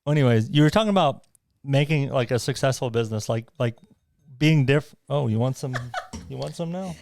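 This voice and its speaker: A man's voice: mid-range voice, animated, a little fast, gravelly, a little mellow. A man co-hosting a podcast in casual chat, teasing and joking with his guests. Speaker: podcast co-host.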